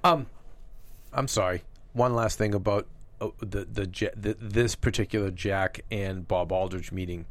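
A middle-aged man co-hosting a casual TV recap show, talking in an animated, rambling way and acting out quotes from the episode. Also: on the low side, unhurried. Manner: animated, rambling, with frequent restarts and acted-out quotes. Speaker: co-host.

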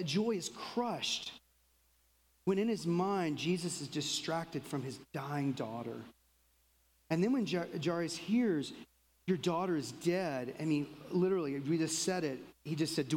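A middle-aged man preaching a sermon in a lively, conversational way, full of asides and little laughs. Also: a little high. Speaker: pastor. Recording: long reverb of a large hall.

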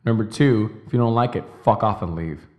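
Young male podcast host, lowish voice, intense and profane, slow hammered-out declarations. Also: darkish tone. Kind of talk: motivational monologue.

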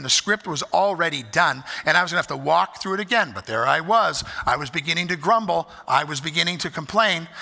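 A man's voice: on the high side, vocal fry, bright, forceful tone. A male pastor preaching a sermon, emphatic and repeating key phrases as he questions the congregation. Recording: echoey hall with long reverb.

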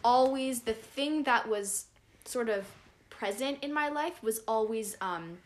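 A woman's voice: a little high, unhurried. A young woman hosting a podcast, chatting casually with a friend and rambling with lots of fillers. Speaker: podcast host. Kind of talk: casual chat.

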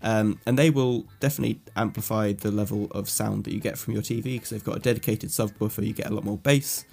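A man's voice: on the low side, steady tone, fast talker, vocal fry, darkish tone. A man from England co-hosting a casual tech podcast, explaining at length with fillers. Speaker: podcast co-host. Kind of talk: casual chat.

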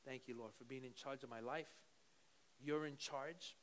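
A man preaching a sermon to a church congregation, moving from quiet teaching into fervent prayer. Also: medium pitch, fairly even intonation, normal speed, a little hiss or hum. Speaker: pastor. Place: church service.

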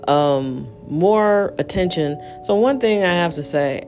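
A woman's voice: fairly low pitch, lively intonation, slow pace, a little mellow, faint music behind. A tired woman hosting her own podcast, talking in a rambling, candid way full of fillers. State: tired, yawning. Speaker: podcast host. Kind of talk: casual monologue.

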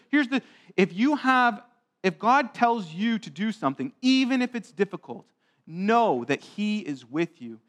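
Pastor guy with a high voice preaching to kids in church, chatty, keeps asking the room stuff. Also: a bit bright. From grew up on a farm. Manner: conversational, asks the congregation questions. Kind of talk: child-friendly sermon.

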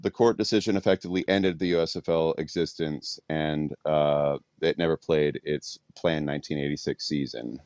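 A man's voice: a bass voice, steady tone, moderate pace, few pauses, a little mellow, clear, resonant tone, no room sound. A man hosting a podcast, recapping a topic in a casual, fact-reading way. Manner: reads facts with fillers and restarts. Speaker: podcast host.

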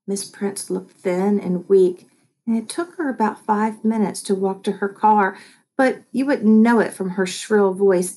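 A woman narrating a children's novel in a lively, comic first-person voice. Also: mid-range voice. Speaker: audiobook narrator.

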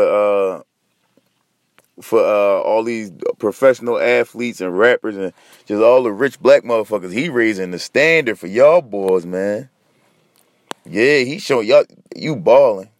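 Profane, ranting man with a low voice. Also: animated, measured pace, dry recording, clean studio sound. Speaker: podcast host. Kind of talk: casual solo podcast monologue.

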